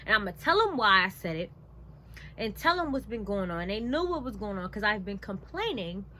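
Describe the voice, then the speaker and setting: Animated young woman telling a story. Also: medium pitch, fairly quick, slight background noise. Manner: animated, emphatic, conversational; frequent "like" and "blah, blah, blah". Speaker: vlogger. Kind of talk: casual storytime.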